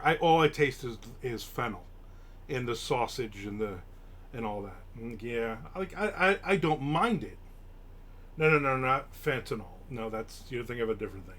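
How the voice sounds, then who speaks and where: A middle-aged man talks loosely to his live chat, wandering from one thing to the next with plenty of fillers. His voice sits at a plain middle pitch, and now and then he gets suddenly worked up before settling back down. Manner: rambling, many fillers, bursts of excitement. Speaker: live stream host. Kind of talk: casual chat, reading and answering chat.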